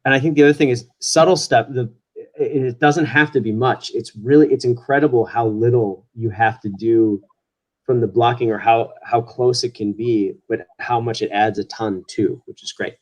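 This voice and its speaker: A man from Wisconsin, telling stories as a guest on a video call, animated and quick to laugh. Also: medium pitch. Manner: animated, laughing, swears casually. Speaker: guest actor. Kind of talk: casual storytelling in an interview.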